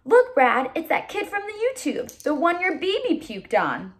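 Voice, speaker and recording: A woman's voice: very high voice, huge pitch swings, measured pace, voice pushed up, full character voice. A woman reading aloud voices a chatty male soldier who jokes with his comrade. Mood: teasing.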